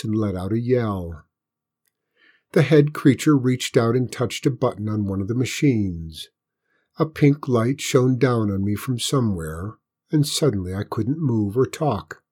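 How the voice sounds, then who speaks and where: A man reading a storybook aloud as its narrator, in a lively and expressive way. His voice is warm and mellow, with a slight huskiness to it. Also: medium pitch, breathy edge.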